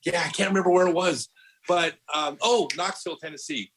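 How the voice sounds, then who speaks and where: A middle-aged man with a bright, forward voice chats on a podcast, spinning stories with lots of false starts. He leans on "like" and keeps circling back to his point. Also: high voice, fairly quick, poor audio. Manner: animated storyteller, lots of restarts and "like". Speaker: podcast guest, disc golf pro. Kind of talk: casual podcast chat.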